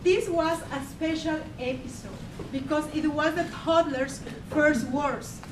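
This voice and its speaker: A woman with a Mexican Spanish accent giving a humorous contest speech, deadpan and pausing for laughs. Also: high-pitched, far from the mic, background noise. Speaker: contest speaker. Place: meeting hall with audience. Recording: echoey hall, mic from afar, crowd laughing.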